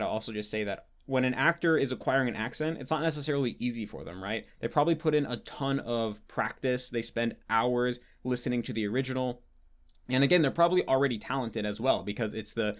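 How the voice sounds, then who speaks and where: An American man speaks at an ordinary middle pitch in a loose, unscripted Q&A. He thinks out loud, piling on fillers and restarting his sentences as he goes. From United States. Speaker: host answering patron questions. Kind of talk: casual Q&A monologue.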